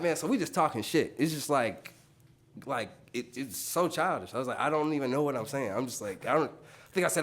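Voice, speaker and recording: A man's voice: medium pitch, big pitch swings, brisk, a bit bright. A man, a tattoo artist, telling stories on a podcast in loose, slangy speech full of swearing, acting out quotes with sudden jumps in his voice. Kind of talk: casual podcast storytelling.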